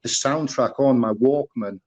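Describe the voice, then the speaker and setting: A man's voice: mid-range voice, a little slow, a little mellow, poor audio. A middle-aged man from the northeast of England with a Teesside accent, telling stories as an interview guest, full of fillers and restarts. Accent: Northeast English (Teesside). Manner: rambling, many fillers and restarts. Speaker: guest, former musical performer. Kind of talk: casual interview storytelling.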